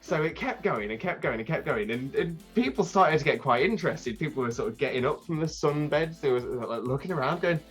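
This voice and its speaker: A man, a podcast guest telling a rambling, animated story with many restarts. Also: on the high side, a little fast, few pauses, slightly rough, faint music behind. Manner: animated, acts out crowd voices. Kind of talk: casual storytelling.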